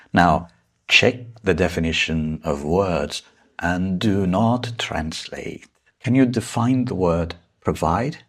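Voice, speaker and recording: Slow, husky-voiced man teaching English. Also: deep voice. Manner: slow, patient explaining with stressed key words. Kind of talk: vocabulary lesson.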